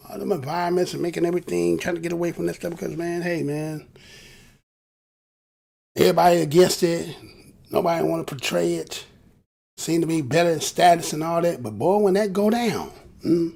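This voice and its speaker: A man's voice: a little high, a little fast, creaky, darkish tone. A man giving casual, preachy commentary to his viewers, often asking them rhetorical questions. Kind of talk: casual talk to camera.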